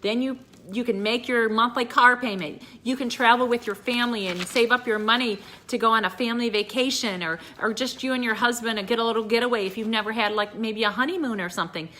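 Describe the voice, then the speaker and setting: There's slight background noise as a middle-aged direct sales consultant speaks fast in a fairly high, bright, forceful voice. Her motivational talk to the sales team is earnest and repetitive, aimed at "you guys," with moments where she tears up.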